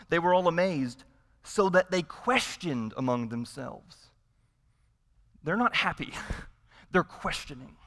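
A man's voice: fairly high pitch, a bit bright, in a large hall. A man preaching a sermon as pastor, emphatic, repeating his points and asking rhetorical questions.

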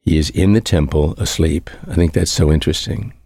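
A man's voice: rumbling low, steady tone, a little fast, dark tone, no room sound, clean studio sound. A male priest delivering a conversational homily, reflective in tone and repeating his key phrases for emphasis.

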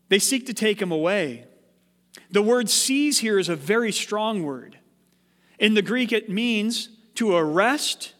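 A man preaching a sermon as pastor, animated, with rhetorical questions. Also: high-pitched, in a large hall.

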